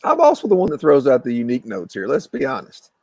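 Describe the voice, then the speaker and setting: A man, co-hosting a casual podcast chat over drinks, talking in a fast, rambling, teasing way. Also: medium pitch, wildly swooping pitch, vocal fry, breathy edge, no echo, clean studio sound. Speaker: podcast co-host.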